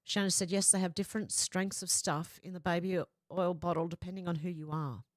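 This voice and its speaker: Reading out chat messages on her stream, the host keeps things chatty and laughing, close to her desk mic. Her lowish voice moves a little fast with a steady tone, recorded dry.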